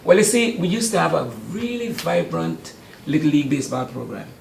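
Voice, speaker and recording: An older man talks about his youth camp in a relaxed, hesitant way. His voice is gravelly and slightly high for a man. The sound is roomy, with faint noise behind him. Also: brisk. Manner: chatty and warm, often hesitating with ums. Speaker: youth sports camp organizer. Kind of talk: casual interview.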